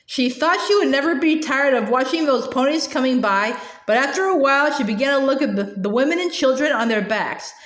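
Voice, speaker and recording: A woman with a high voice reads a children's book aloud, gently and with small restarts. The room has a clear echo. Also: expressive. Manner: gentle, slightly halting reading with small restarts. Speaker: storybook reader. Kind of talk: reading a children's novel aloud.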